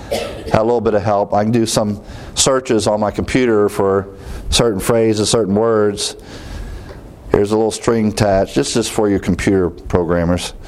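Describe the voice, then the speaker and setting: A man with a fairly low voice delivers a conversational teaching sermon. He runs through lists of words and numbers, lifting his voice to stress the key terms, and tosses light jokes to his listeners. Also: darkish tone. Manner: conversational, lists word counts, emphatic rises on key words. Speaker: pastor teaching a Bible study.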